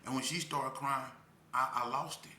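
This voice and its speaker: A man's voice: mid-range voice, fairly even intonation, moderate pace, bright, forceful tone. Earnest man, emotional, echoey room. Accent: Las Vegas street speech. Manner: earnest, preaching, repeats phrases for emphasis. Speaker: speaker telling his life story. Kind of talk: emotional testimony to parents. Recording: echoey room with faint ambience.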